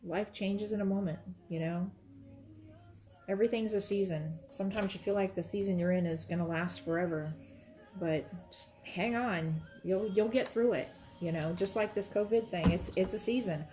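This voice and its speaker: A woman's voice: mid-range voice, moderate pace, dark tone. A woman, chatting and rambling to viewers while she demonstrates quilting, talking straight to her audience. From Florida. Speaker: quilting livestream host.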